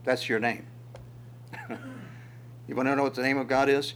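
Over a faint hiss or hum, a man with a mid-range voice preaches through the Psalms verse by verse at a moderate pace with frequent pauses. Animated, he asks rhetorical questions, chuckles occasionally, and gives voice to God's words in quotes.

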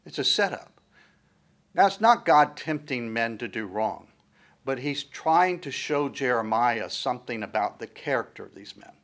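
A man at mid pitch delivering a sermon, retelling a scripture story in a conversational way with fillers and asides. He reads the verses aloud with building emphasis. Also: animated, moderate pace, fairly bright tone. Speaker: preacher.

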